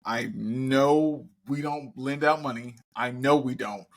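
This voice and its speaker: Guy on a podcast, chatty storyteller, curses a lot, gets loud on punchlines. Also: medium pitch, takes it slowly. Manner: storytelling, animated, swears. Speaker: podcast co-host. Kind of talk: casual chat.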